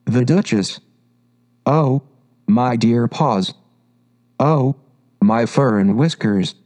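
A man's voice: mid-range voice, drawn-out words, a little mellow. A man reading a storybook aloud and voicing a fretful, bossy male white rabbit that mutters frantically and snaps orders. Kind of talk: audiobook reading.

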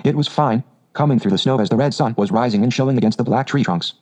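A man's voice: medium pitch, fast, lightly acted. A man voicing a hearty, bold male otter who tells his tale cheerfully. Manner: cheerful, lively storyteller.

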